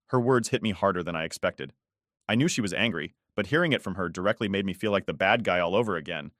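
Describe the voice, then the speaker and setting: Man, 40s, low voice, dry close recording, weary, resentful, first-person story narration. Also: animated, fast, fairly bright tone, no room sound.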